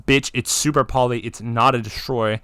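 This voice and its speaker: A man co-hosting a podcast, talking excitedly about card games, swearing and acting out game moments. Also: mid-range voice, normal speed, smooth, no echo. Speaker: podcast co-host. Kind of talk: casual chat.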